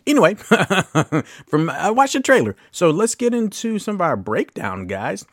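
A man's voice: medium pitch, wildly swooping pitch, normal speed, no echo, clean studio sound. A man in his late thirties hosting a podcast, chatting casually about a film with loose asides and the odd curse word. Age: late 30s. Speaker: podcast host. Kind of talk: casual film review chat.

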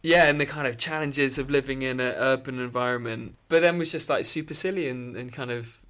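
A man co-hosting a relaxed film chat, speaking easily and hedging with "kind of" and "um". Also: mid-range voice, a little fast, clean tone. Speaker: podcast co-host. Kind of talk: casual film review chat.

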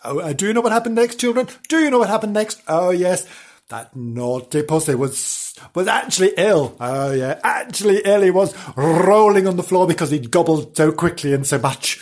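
A man's voice: sits high, expressive, normal speed, a little mellow. A man reading a children's story aloud as a comedy host, breaking off for mocking asides.

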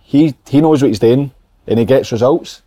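A Scottish man and former player on a football podcast, explaining his views in a measured way. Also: mid-range voice, dark tone, no room sound. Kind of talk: casual football chat.

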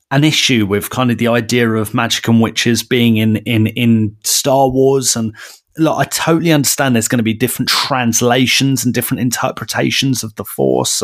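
A man, co-hosting a podcast in casual, animated chat, often ranting and restarting his sentences. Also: mid-range voice. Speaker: podcast co-host.

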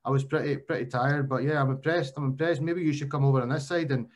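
A man's voice: mid-range voice, fairly even intonation, fast. A man with a Glaswegian accent hosting a casual podcast interview, chatty and repeating his phrases. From Scotland. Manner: chatty, repeats phrases, calls guest mate. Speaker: podcast host.

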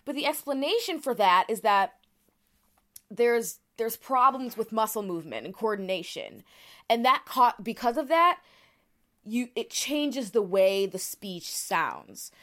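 A woman's voice: on the high side, lively intonation, measured pace, a bit bright. A woman in casual podcast chat, explaining a topic with lots of fillers and restarts. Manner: chatty, many "like"s and restarts.

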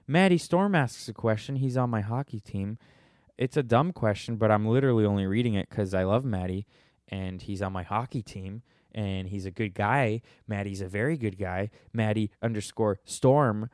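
A man's voice: on the low side, moderate pace, darkish tone, dry recording. Young male podcast host, loose and joking, dry close mic. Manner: irreverent, joking, laughs at own answers. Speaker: podcast host answering listener questions. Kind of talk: casual podcast chat.

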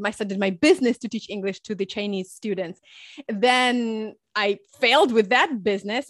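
A woman's voice: fairly high pitch, no room sound. Woman guest, speaking coach; earnest explainer; dry, close recording. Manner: earnest, explains her career step by step. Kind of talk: interview answers.

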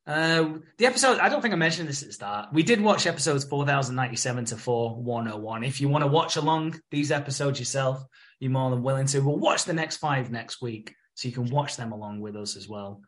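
A man's voice: mid-range voice, a little fast, fairly bright tone. A man co-hosting a podcast in casual chat, joking, swearing freely and laughing often. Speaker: podcast co-host.

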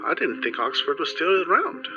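A man's voice: fairly high pitch, very animated, brisk, pitched above the performer's own voice. A man game master voicing a strange, cheerful phone caller named Harriet who repeats itself, heard over a phone line. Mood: breezy. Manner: chirpy, rambling, repeats itself. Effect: voice heard over a telephone. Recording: dull lo-fi sound with music behind.

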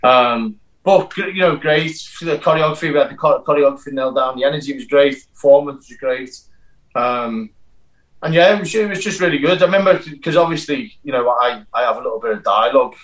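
A man's voice: medium pitch, expressive, a little fast, a bit bright, low-quality recording. A man, a stunt performer and actor, chatting in an interview and telling stories animatedly with many restarts and stammers. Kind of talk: casual interview chat.

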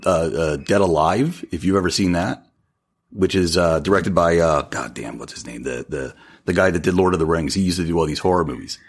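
A man in his forties co-hosting a live podcast, joking around and making fun of himself. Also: sits low. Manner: joking and self-deprecating. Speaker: podcast co-host. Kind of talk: casual live podcast chat.

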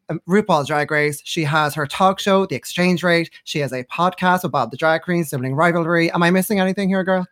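An Irish man hosts a chat, with a somewhat high voice. He gushes over his guest and keeps the talk bubbly. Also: a bit bright. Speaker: host. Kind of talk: casual chat.

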